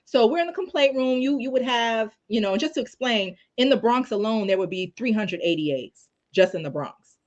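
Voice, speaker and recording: A woman criminal law attorney, a guest telling stories in a casual, animated way with many fillers. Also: a little high, brisk, muffled recording. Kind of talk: casual storytelling in a live discussion.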